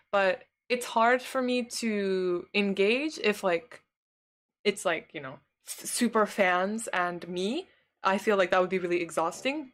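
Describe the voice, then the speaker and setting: A woman streamer chatting casually with her live chat. She rambles, fills her talk with "like" and laughs often. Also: medium pitch.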